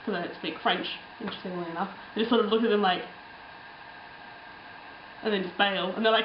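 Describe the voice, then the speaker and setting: A woman's voice: mid-range voice, fast talker, roomy sound, highs cut off, a little hiss or hum. Chatty young woman with lots of ums. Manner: rambling, chatty, frequent ums and laughs. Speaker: travel vlogger. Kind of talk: casual travel storytelling.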